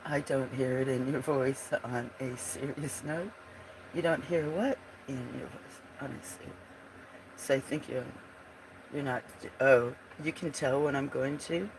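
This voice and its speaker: Giggly rambling livestream host, slow-spoken. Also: medium pitch, vocal fry, noisy background. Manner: giggly, laughs often, rambling; trails off mid-sentence. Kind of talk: casual chat while drawing.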